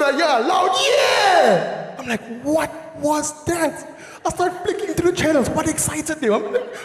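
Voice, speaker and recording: On a large theatre stage, a South African comic in his thirties speaks high, his pitch swinging widely as he acts out shouting neighbours and laughs at his own jokes. His animated stand-up rings through the echoey hall with a long reverb tail. A faint audience can be heard behind him.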